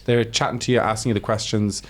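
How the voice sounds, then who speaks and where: An Irish man, a comedian, tells stories in relaxed podcast chat. He jumps into other people's voices as he quotes them, so his delivery is lively and full of turns. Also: fairly low pitch, quick pace. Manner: animated storytelling, acts out quotes. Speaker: guest comedian.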